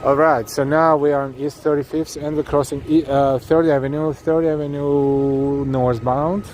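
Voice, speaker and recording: A man's voice: fairly high pitch, little pitch movement, moderate pace, a little mellow. Effusive man streaming from noisy streets. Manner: effusive, thanks viewers at length, many restarts and fillers. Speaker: live-stream walking tour host. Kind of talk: casual live-stream chat while walking. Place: city streets outdoors at night. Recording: noisy outdoor street recording. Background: street traffic noise.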